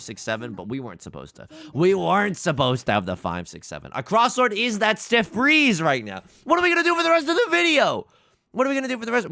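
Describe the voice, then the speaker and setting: A man with a sore throat, giving excitable, jokey, self-mocking commentary while playing a game for his channel. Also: medium pitch. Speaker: let's play host. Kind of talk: casual gameplay commentary.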